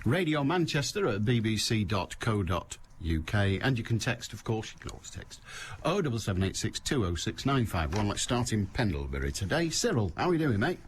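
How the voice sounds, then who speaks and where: Wry, lively-voiced radio phone-in host. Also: male voice, on the low side, a little fast, hardly any pauses, slight background noise. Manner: wry, conversational storyteller. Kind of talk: opinionated talk-radio monologue.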